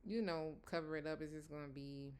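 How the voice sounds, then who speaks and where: A woman's voice: deep voice, fairly even intonation, a little fast, darkish tone, slight background noise. A woman casually recapping a TV episode in a rambling, conversational way with many fillers. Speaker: TV episode reviewer.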